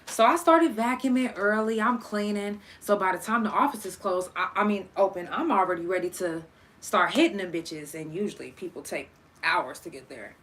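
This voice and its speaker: A young woman talks through a personal story in a bright, forward voice. She is casual and profane, and she acts out each person she quotes, her own side loud and lively. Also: medium pitch, normal speed. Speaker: podcast host telling a story.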